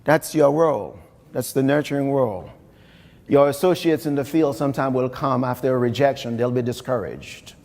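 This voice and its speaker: His voice is mid-range, gravelly and a little mellow, moving at normal speed: a middle-aged Haitian man with a Haitian accent giving a motivational keynote. Through stories, repeated phrases for emphasis and direct audience address, he speaks in a reverberant hall, captured live.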